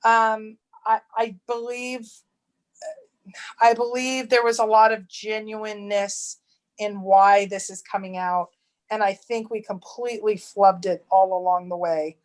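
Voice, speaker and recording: A woman co-hosting a casual livestream chat, rambling with restarts and quick to laugh. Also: mid-range voice, little pitch movement. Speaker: treasure hunt channel co-host.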